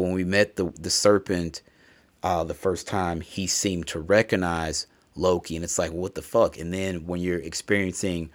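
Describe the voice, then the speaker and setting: Brief: very deep male voice, casual solo game review, emotional, swears freely. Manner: emotional, profane, rambling. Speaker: gamer reviewing a video game.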